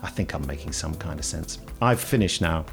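A man's voice: a bass voice, expressive, brisk, creaky, soft background music. A man hosting a podcast in a jokey, rambling chat, laughing often, from Britain. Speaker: podcast host.

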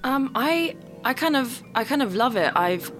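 A woman's voice: high-pitched, lively intonation, moderate pace, a bit bright, soft background music. A young woman in her twenties, an actress and podcast guest, chatting enthusiastically with giggles and hesitant fillers. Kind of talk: casual chat.

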